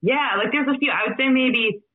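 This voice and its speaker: A woman with a Canadian accent chats as a guest from her bedroom, relaxed and quick to laugh. Her voice sits high. It comes through thin and tinny, like a phone line on a video call. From Saskatchewan, Canada. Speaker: podcast guest. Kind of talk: casual chat.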